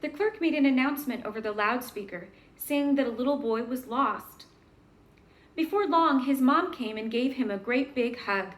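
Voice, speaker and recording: A woman reading a children's book aloud gently, pausing to ask the listener questions. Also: sits high.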